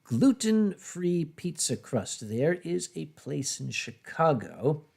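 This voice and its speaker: A man hosting a casual drinking livestream, talking in a blunt, brash and animated way. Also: on the high side, takes it slowly, creaky, husky. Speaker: livestream host. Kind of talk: casual drinking-stream chat.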